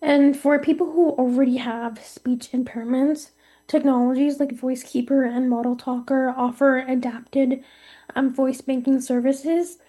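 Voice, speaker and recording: A woman co-hosting a scripted podcast chat, reading steadily and often pausing with ums. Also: high-pitched, steady tone, dark tone. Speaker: co-host.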